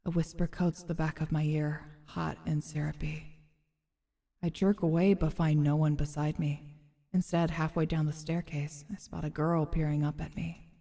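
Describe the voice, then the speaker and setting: A woman streamer reads a story game's narration aloud in a measured, expressive way and adds casual comments. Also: sits low, gravelly, long reverb tail. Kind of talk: reading game narration aloud with casual asides.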